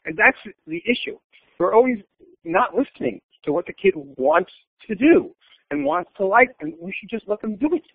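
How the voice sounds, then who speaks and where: A man's voice: high-pitched, big pitch swings, normal speed, creaky, dry recording. An older man, a blunt and opinionated storyteller, talking as a guest in an interview. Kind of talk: conversational interview. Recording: tinny phone line.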